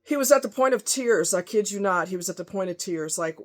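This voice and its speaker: A woman telling a workplace story in a casual, exasperated, animated monologue. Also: medium pitch, fairly quick, few pauses. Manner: animated, exasperated, quotes others in raised voice. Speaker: storyteller recounting a workplace experience.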